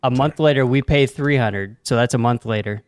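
A man holds the floor in casual podcast chat, spinning an animated story and laughing often. His voice is smooth and clear. It sounds dry and close to the mic. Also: mid-range voice, normal speed, no echo. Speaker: podcast co-host.

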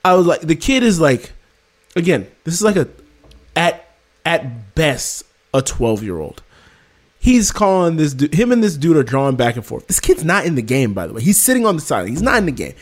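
A man's voice: on the high side, very animated, a little fast. A man telling a story in casual chat, acting out the dialogue with exasperated outbursts.

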